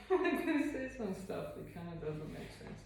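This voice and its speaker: A woman's voice: fairly low pitch, animated, normal speed, gravelly, a little mellow, slight background noise. A woman fitness vlogger chatting casually between sets of a home workout, rambling and self-deprecating with lots of fillers. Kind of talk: casual chat while working out. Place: room at home. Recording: echoey room, mic at a distance.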